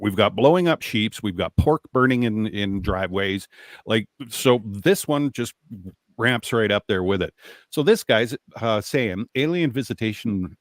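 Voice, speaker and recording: Low-voiced, halting co-host man. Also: no echo, clean studio sound. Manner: halting, self-correcting. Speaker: radio co-host. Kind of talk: casual talk radio segment intro.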